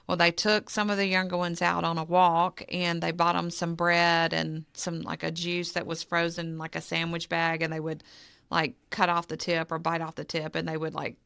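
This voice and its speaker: A woman's voice: lowish voice, normal speed, creaky, smooth, no room sound, clean studio sound. A woman, a charity co-founder, telling a personal story in a podcast interview and acting out the dialogue as she goes. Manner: animated storyteller, acts out quoted dialogue.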